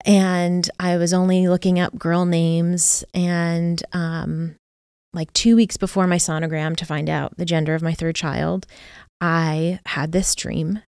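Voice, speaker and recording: A woman's voice: fairly low pitch, flat delivery, measured pace, darkish tone, clean tone, dry recording, studio quality. A woman guest on a faith podcast, telling a personal story in a chatty way with many fillers. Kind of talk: casual podcast conversation.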